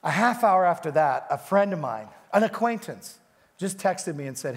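A man's voice: high voice, animated, normal speed, gravelly. A man preaching a sermon as a guest pastor in a church, telling stories with animation and coaxing the congregation to lean in. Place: church sanctuary. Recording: long hall reverb.

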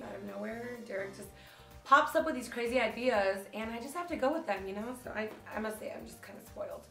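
A young woman talks casually to her camera in a hotel room, animated and full of little fillers. Her voice is bright and a touch high. The room sounds echoey, with faint music playing behind her. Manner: chatty and animated, with lots of fillers like "like". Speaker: beauty vlogger.

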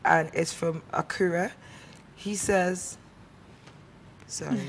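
A woman's voice: lowish voice, steady tone, slow pace, creaky, a little hiss or hum. A woman co-hosting a talk show in casual chat, chatty and often laughing as she reads out viewer messages.

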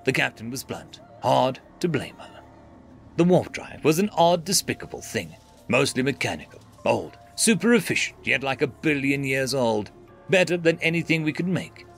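A man's voice: mid-range voice, big pitch swings, moderate pace, gravelly, a bit bright, soft background music. A man narrating a scripted science fiction story in a dramatic, dry manner.

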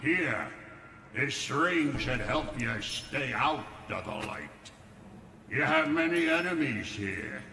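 An actor playing a cryptic male benefactor in a dark video game cutscene, speaking in a measured, mysterious way. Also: mid-range voice, animated, vocal fry, echoey room, a little hiss or hum, full character voice. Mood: ominous.

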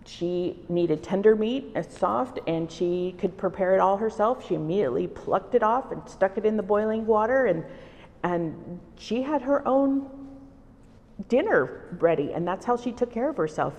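A woman's voice: mid-range voice, expressive, normal speed, darkish tone. A middle-aged woman from El Salvador, a wood-carving artist, telling personal stories in a reflective interview. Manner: reflective, storytelling. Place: art exhibition hall. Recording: reverberant exhibition hall.

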